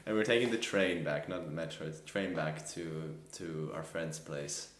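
A man's voice: extremely low pitch, normal speed, echoey room, a little hiss or hum. A man co-hosting a podcast, telling a rambling story in casual chat and laughing often. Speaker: podcast co-host.

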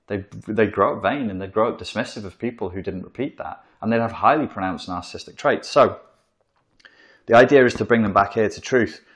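A man giving an informal psychology lecture, blunt and profane, in a room where he writes on a board. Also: medium pitch. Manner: blunt and profane, acts out quoted voices.

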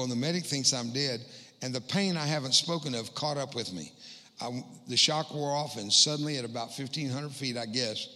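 A man's voice: mid-range voice, sharp tone. Joking man telling his story in a reverberant church. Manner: jokey storyteller, quick punchlines, self-mocking. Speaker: guest speaker. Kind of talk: humorous testimony in a church. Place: church hall. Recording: long hall reverb.

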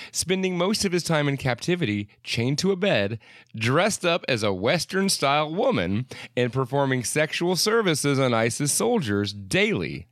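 A man's voice: medium pitch, no echo. A man co-hosting a comedy podcast, reading stories aloud with frequent laughter. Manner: reads news aloud, laughs often. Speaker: podcast co-host. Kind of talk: comedic casual chat.

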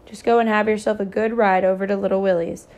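A woman reading a gentle, injured father. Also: medium pitch, little pitch movement, quick pace, muffled recording, close to an everyday voice.

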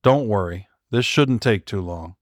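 A man voicing a quiet, firm, terse male operative in an audiobook. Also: fairly low pitch, expressive, measured pace, no echo, clean studio sound.

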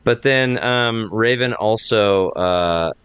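Very low smooth male voice, dry sound. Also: takes it slowly, fairly bright tone, no echo, lo-fi sound. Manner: rambling, heartfelt, laughs often. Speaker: game master and podcast host. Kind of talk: casual chat.

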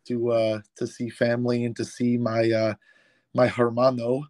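A man co-hosting a podcast over a remote call, his voice still a little hoarse from a cold, talking in a loose, hesitant way with many fillers. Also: medium pitch, completely flat delivery, moderate pace, darkish tone, no room sound. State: slightly hoarse, recovering from a cold. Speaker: podcast co-host. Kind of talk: casual chat.

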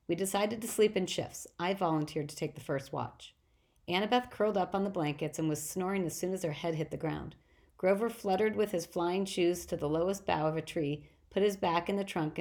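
A woman reading a first-person storybook aloud in a plain, steady way with small slips. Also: low-pitched, creaky. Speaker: audiobook reader.

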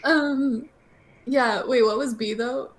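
A woman's voice: sits high, slow pace, slight background noise. A young woman from the American South with a Southern accent, chatting casually as a podcast co-host and laughing often. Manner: giggly, animated, laughs often. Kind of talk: casual chat.

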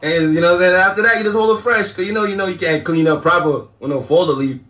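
A man's voice: high-pitched, fast talker, a bit bright, reverberant. A man talking to his audience in a loose, profane, casual monologue, often breaking into laughter.

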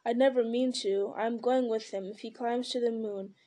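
A woman reading aloud and voicing Sam, a loyal, earnest young male hobbit servant, in her own soft voice with little change. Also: fairly high pitch, steady tone, moderate pace, lightly acted.

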